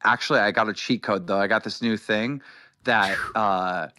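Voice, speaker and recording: A man's voice: on the low side, steady tone, normal speed, bright, forceful tone, a little hiss or hum. A man in a played clip, talking brashly and casually, swearing as he boasts. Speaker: clip guest. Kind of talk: casual podcast chat.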